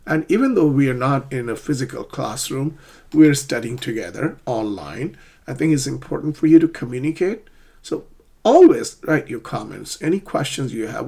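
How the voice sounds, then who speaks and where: A man teaching an online English pronunciation lesson, drilling words slowly and often checking in with the learner. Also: mid-range voice, vocal fry, darkish tone, breathy edge.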